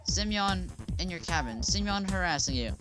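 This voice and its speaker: A sulky, mocking teenage girl, as a man reads her lines aloud from a visual novel. She talks in a raised, higher voice. Music plays in the background. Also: lively intonation, normal speed. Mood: upset, accusing.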